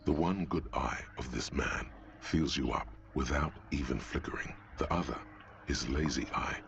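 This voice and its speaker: A man narrating a video game as a grave, measured inner voice. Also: extremely low pitch, vocal fry, dull audio, a little hiss or hum. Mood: ominous. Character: ominous inner-voice male narrator, older and gravelly. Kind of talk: scripted narration.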